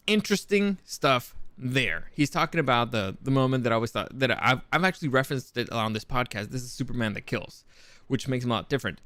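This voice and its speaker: A man's voice: mid-range voice, animated, fairly quick, pushed and bright, dry recording. A man hosting a podcast, giving casual commentary in a rambling way, with lots of restarts and the odd curse. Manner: rambling with frequent restarts and profanity. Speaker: podcast host.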